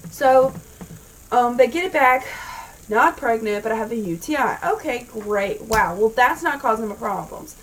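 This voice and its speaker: A woman's voice: on the high side, animated, moderate pace, slight background noise. A woman vlogger telling a story in a casual, exasperated and rambling way, swearing freely. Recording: voice a bit far from the mic.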